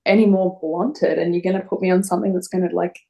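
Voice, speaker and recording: A young woman telling a personal story in an interview, halting and emotional with many fillers. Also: fairly low pitch, fairly even intonation, gravelly, mellow. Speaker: interview guest.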